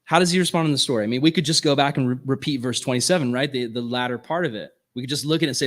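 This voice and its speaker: A man leads a ministry workshop, earnest and casual, sprinkling in frequent "right?" asides to check on his listeners. He has a mid-range, slightly bright voice and talks quickly.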